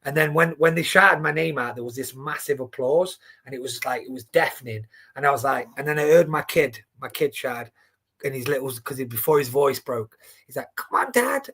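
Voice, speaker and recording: A man in his forties, an animated storyteller who swears freely and restarts his sentences often, chatting casually on a boxing stream. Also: medium pitch, a little fast, husky. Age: 40s. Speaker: boxing watchalong co-host. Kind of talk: casual chat.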